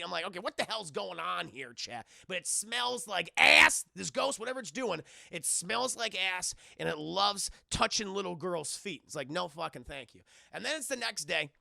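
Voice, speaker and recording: A man streaming live, recapping a film in a rambling, profane and animated way. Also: high voice, vocal fry, dry recording, clean studio sound.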